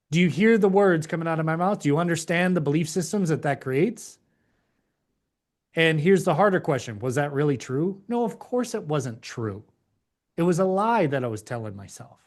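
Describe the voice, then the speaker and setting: A man teaching a live online class, emphatic and preachy, acting out the inner voices of doubt. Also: on the high side. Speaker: course instructor.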